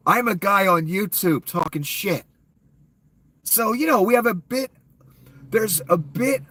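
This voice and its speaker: A man's voice: on the high side, fairly bright tone. A man with a cold ranting sarcastically and profanely as a YouTube commentator, in a casual off-the-cuff style. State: ill, coughing.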